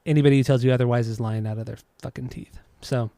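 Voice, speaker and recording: A man's voice: medium pitch, fairly even intonation, fast talker, mellow, no echo. A man hosting a casual music podcast, rambling through restarts and swearing freely. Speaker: podcast host.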